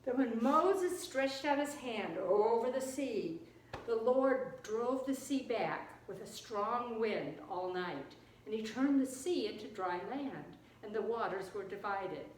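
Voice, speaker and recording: A woman teaching children, retelling and explaining a Bible story in an expressive way. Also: a little high, slow, a little hiss or hum. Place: church. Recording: echoey room, distant mic.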